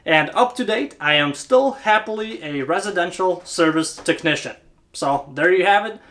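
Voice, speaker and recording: A man's voice: high-pitched, lively intonation, moderate pace, fairly bright tone. A man talking casually to camera as a channel host, chatty and informal, often checking in with listeners. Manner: chatty, keeps asking "right?". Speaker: HVAC technician and channel host.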